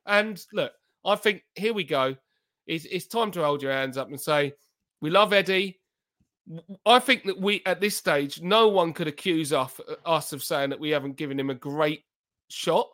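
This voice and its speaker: A man's voice: fairly high pitch, moderate pace, sharp tone. A man, a football podcast pundit talking in heated, emphatic casual chat and repeating his points.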